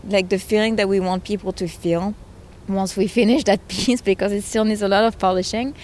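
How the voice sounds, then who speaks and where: A woman's voice: medium pitch, fairly even intonation, a little fast, a little mellow. A woman in her thirties, a game creator, talking earnestly and with conviction in a conversational interview. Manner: earnest and emotional, speaks with conviction. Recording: faint background noise.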